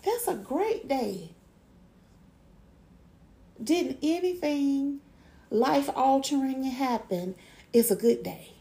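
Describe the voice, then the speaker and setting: A middle-aged woman hosts a motivational podcast, with a gravelly voice that sits a little high. She talks slowly and gently, and she repeats her affirmations in a deliberate, encouraging way. Her tone is mellow and soft. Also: lively intonation. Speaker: podcast host.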